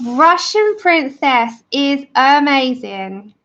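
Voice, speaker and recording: A woman's voice: high-pitched, animated, very slow, a bit bright, muffled recording. A woman hosting a colouring livestream, chatting enthusiastically and greeting viewers by name. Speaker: livestream host of a colouring channel. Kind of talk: casual livestream chat with viewers.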